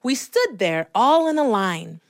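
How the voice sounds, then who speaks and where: A woman from Chicago telling a personal childhood story in an expressive, animated way. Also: a little high, unhurried, no room sound, clean studio sound. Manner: expressive, animated, acts out voices.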